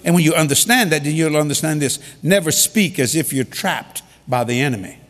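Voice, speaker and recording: A man preaching a humorous storytelling sermon in a large hall, animated and repeating key lines for emphasis. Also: on the high side, brisk. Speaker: preacher leading a ministry. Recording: long reverb of a large hall.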